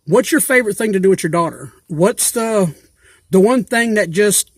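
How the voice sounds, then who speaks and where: A man with a fairly high voice chats on and on in a loose, rambling vlog style, full of fillers and homespun grammar. The sound is dry and close, with no room echo. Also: lively intonation, normal speed, husky. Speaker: YouTuber asking giveaway questions. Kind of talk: casual rambling vlog talk.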